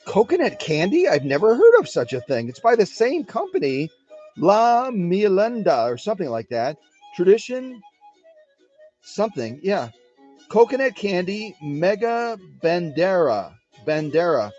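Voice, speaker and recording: A man from Wisconsin hosting a casual live stream from his home workshop, chatting to his viewers in an animated way. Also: high voice, measured pace, lo-fi sound, soft background music. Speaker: live-stream host of a sewing machine restoration channel.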